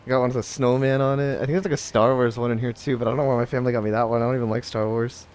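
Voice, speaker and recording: A man's voice: medium pitch, little pitch movement, rapid-fire, darkish tone, clean tone. A young man in a mid-range voice chats with his friends during a let's play. He rambles and teases in an easygoing, offhand way. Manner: rambling, teasing. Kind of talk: casual chat over gameplay.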